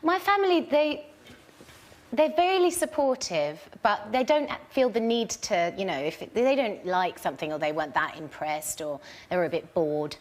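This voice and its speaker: Young English woman, talk show guest, chatty, mid pitch, lots of laughs and restarts. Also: animated, normal speed. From England. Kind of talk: casual chat. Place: TV studio with audience.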